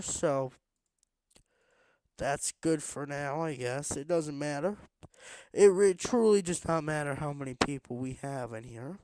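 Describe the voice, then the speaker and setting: A man's voice: a little high, a little mellow, no room sound. A man streaming a block-building game late at night, rambling to himself in a tired, casual way while he builds. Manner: rambling, self-talking, tired but pushing energy.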